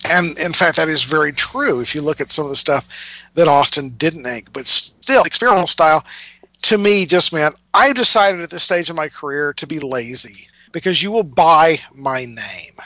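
A man rants sarcastically through casual podcast chat, his voice forceful and bright. His pitch sits a little high for a man. The sound is dry and close, with no room around it. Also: moderate pace, no room sound, poor audio. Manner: animated, sarcastic ranting. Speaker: podcast co-host.

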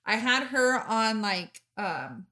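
A woman's voice: a little high, big pitch swings, slow pace, bright, forceful tone. A woman hosting a podcast in casual chat, chatty and gushing, with many fillers. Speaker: podcast host.

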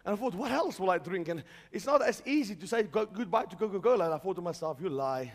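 A man preaching a charismatic sermon, moving from quiet storytelling to shouted declarations. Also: high-pitched, lively intonation, fast. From South Africa. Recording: long hall reverb.

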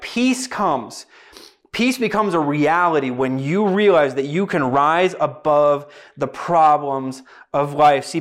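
A young man delivers a sermon in a high, lively voice. He preaches emphatically, leaning on dramatic pauses and quick bursts of humor. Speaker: pastor.

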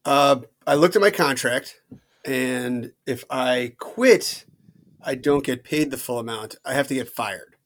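Quiet, halting man in a comedy chat. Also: mid-range voice. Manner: quiet, halting, mock-stubborn. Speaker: panelist.

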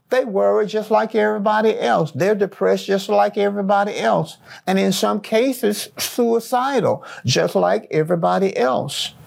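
A middle-aged man preaching a sermon as pastor, repeating phrases with slow, emphatic rhythm. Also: a little high, gravelly.

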